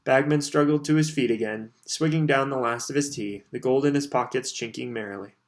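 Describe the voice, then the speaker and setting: A man reading a novel aloud as an audiobook narrator, in measured storytelling. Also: medium pitch. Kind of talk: scripted narration.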